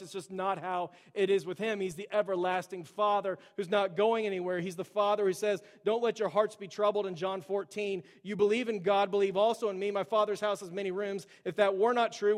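A man's voice: high-pitched, big-room sound. A pastor delivering a conversational sermon to his church, peppering it with casual asides and acting out Bible quotes.

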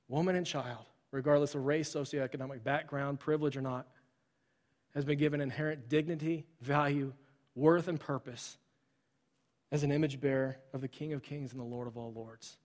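A man's voice: fairly high pitch, a little mellow. A man preaching to his church, telling a story in a conversational way with frequent fillers and restarts. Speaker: pastor. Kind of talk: sermon storytelling. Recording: long hall reverb.

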